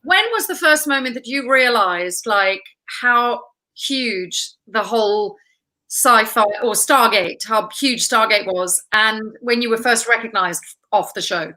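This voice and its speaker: Female host from Germany, fairly high, crisp bright voice, encouraging interviewer. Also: a little slow, poor audio. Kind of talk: casual interview.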